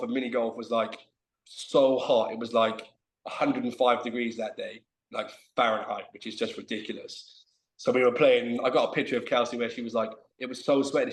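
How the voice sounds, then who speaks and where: Male guest, animated storyteller, middle pitch, echoey room sound. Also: slight background noise. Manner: animated, self-mocking storyteller. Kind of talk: casual storytelling chat. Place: remote video call.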